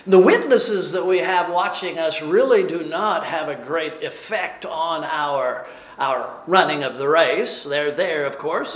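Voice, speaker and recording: Man, pastor, sermon, slow and deliberate, echoey church room. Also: a little high. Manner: animated, laughs at his own stumbles.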